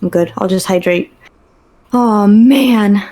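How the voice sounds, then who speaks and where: A woman's voice: mid-range voice, slow pace, mellow. A woman streaming a game, chatting playfully with viewers and improvising silly bits. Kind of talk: casual gaming stream chat.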